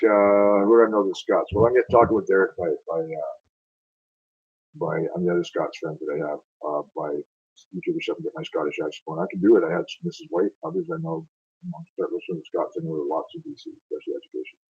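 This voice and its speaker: A man's voice: sits low, sing-song, fast, vocal fry, a little mellow, breathy edge, dull audio. A man reading narrative verse aloud and chatting afterward, in a loose, stumbling way, often correcting himself. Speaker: amateur poetry reader.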